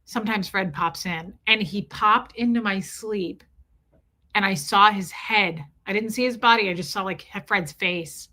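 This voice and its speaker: A woman's voice: mid-range voice, a little slow, pushed and bright. A middle-aged woman hosting a livestream, talking candidly and with emotion while answering her chat. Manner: emotional, candid, talks straight to chat viewers. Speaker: livestream host reading chat.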